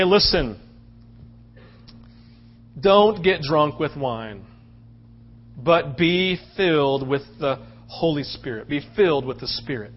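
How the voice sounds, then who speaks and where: Pastor guy preaching hard, high voice, goes loud then real quiet, kinda dull lo-fi sound. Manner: impassioned, swings from loud to hushed. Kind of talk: sermon.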